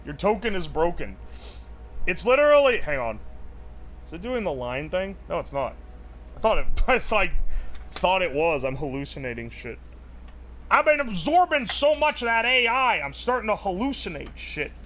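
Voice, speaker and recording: Young male streamer, high bright voice, excitable, swears while tinkering, faint music behind. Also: normal speed, a little hiss or hum. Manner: excitable, swears a lot, thinks aloud. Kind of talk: casual live-stream chat while tinkering.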